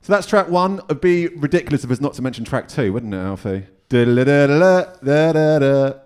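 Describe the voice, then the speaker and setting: A man's voice: medium pitch, very animated, quick pace. A male podcast host interviewing a musician in a jokey, casual way. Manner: chatty and jokey, with mild swearing.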